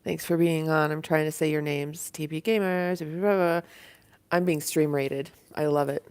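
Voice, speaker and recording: A woman hosting a casual livestream from her apartment, rambling between soft murmurs and excited greetings to viewers. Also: low-pitched, moderate pace, clean tone. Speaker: livestream host. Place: apartment at home. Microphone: phone or webcam.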